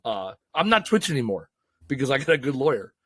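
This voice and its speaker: A man co-hosting a business podcast, telling stories in a profane, excitable, casual way. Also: mid-range voice, quick pace, no echo. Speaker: podcast co-host. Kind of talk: casual chat.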